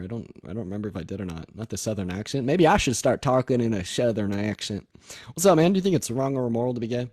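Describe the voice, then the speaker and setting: A man's voice: lowish voice, dark tone, dry recording, clean studio sound. A nineteen-year-old man hosting a livestream debate, chatting casually, thanking viewers and laughing often. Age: young adult.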